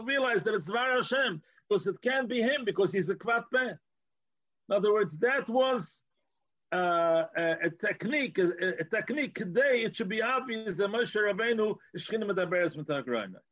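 High-voiced man teaching a Torah class. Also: fairly bright tone, dull audio. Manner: explains with Hebrew and Yiddish terms, frequent restarts.

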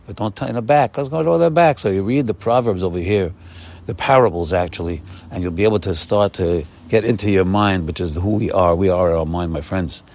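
Man giving an animated morning Torah talk. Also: low voice, a little fast. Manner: warm repetitive exhortation, often saying "my friends"; animated, rising bursts of emphasis. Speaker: Torah teacher.

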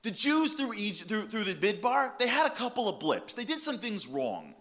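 A man giving a humorous sermon, animated and telling stories. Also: high-pitched, normal speed. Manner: animated, comic, storytelling. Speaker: speaker.

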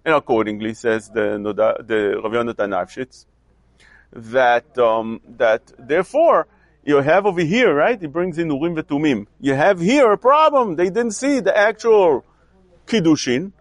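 Male lecturer, lively and questioning, dry close sound. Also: a little high, moderate pace, dry recording. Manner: animated, questioning, mixes Hebrew and Yiddish terms. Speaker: Torah teacher. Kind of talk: Talmudic lecture.

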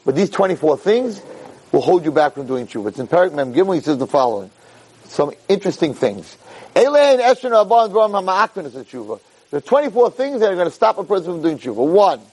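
A man giving a Torah class as an animated storyteller, peppering his talk with Hebrew terms and rising high for emphasis. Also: a little fast, husky, rough recording.

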